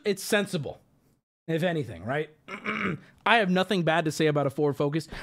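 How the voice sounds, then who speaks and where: Animated, profane male streamer ranting. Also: high voice, gravelly. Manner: heated, profane storytelling. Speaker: livestream host. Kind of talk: casual ranting to chat.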